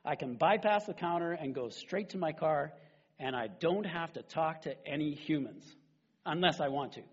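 A man's voice: a little high, normal speed, husky, muffled recording. A man doing a smug ad businessman. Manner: self-satisfied, deadpan boasting. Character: smug studly businessman from a commercial.

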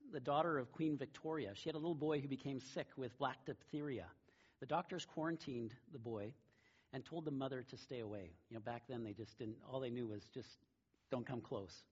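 A middle-aged man delivers a sermon in a casual, storytelling manner, his voice a bit husky and breathy. The recording sounds dull and lo-fi. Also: mid-range voice. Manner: conversational storytelling with a warm laugh. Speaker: pastor.

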